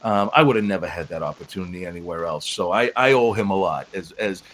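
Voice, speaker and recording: Man, podcast guest, former referee, animated storyteller, casual, laughs easily. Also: deep voice, quick pace, a little hiss or hum.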